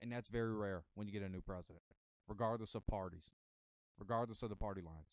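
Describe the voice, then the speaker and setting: A man's voice: lowish voice, quick pace, a little mellow, no room sound. An American man giving a casual motivational monologue to camera, emphatic and a bit rambling. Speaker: vlogger giving motivational talk.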